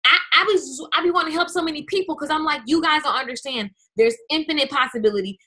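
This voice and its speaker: A woman with a high, bright voice hosts a live webinar. She talks in an energetic, chatty way, speaking straight to her viewers. Her tone is bright and forceful. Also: fast talker, few pauses. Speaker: business coach hosting a webinar.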